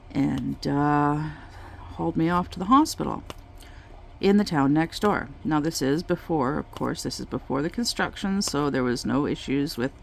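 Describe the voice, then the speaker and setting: A woman vlogger chatting casually while she crafts, telling a story in a slow, halting way with many pauses. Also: low voice, gravelly, slight background noise.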